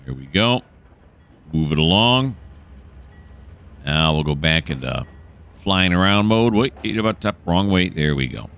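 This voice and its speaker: A man's voice: low-pitched, lively intonation, a little slow, gravelly, long pauses, fairly bright tone, smooth. A man narrating a train simulator game as he plays, thinking aloud and correcting himself. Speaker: gameplay commentator. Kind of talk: relaxed let's-play narration.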